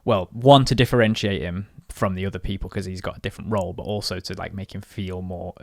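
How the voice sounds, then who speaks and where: A man's voice: low-pitched, steady tone, quick pace, creaky, darkish tone, no room sound, studio quality. A man with a northern English accent, chatting casually and rambling as a podcast co-host. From northern England. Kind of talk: casual chat.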